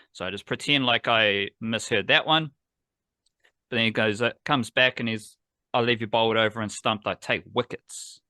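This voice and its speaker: Kiwi guy, bright voice, chatty podcast host, loose and playful. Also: mid-range voice, dry recording. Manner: rambling, enthusiastic, playful. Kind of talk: casual sports podcast chat.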